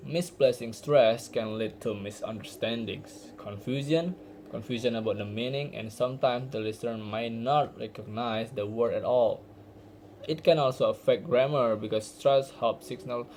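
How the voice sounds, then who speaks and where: Mellow-voiced young male student presenting. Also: mid-range voice, slight background noise, rough recording. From Indonesia. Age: young adult. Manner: earnest, explanatory, with small restarts. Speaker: university student. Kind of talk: recorded class presentation.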